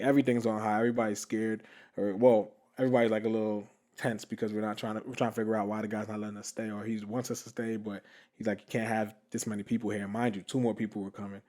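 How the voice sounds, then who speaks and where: A young man hosting a podcast, telling a story casually with lots of fillers and laughter. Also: on the low side. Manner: animated, laughing, many fillers. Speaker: podcast host.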